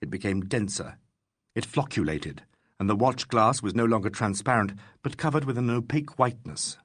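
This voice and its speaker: A man narrating a classic mystery audiobook with expressive, varied delivery. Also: on the low side, moderate pace, no room sound, clean studio sound.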